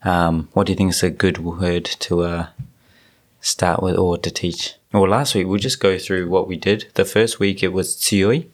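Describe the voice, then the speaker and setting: A man hosting a podcast in casual chat, easygoing and relaxed with lots of fillers. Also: deep voice, unhurried. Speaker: podcast host.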